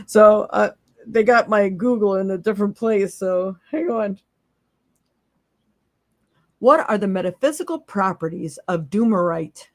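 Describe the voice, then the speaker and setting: Speaking at a medium pitch, she goes a little slowly and leaves long pauses. The woman is a psychic tarot reader and podcast host doing a live stream, where she talks casually, laughs frequently and encourages people bluntly. The recording is dry and studio-clean.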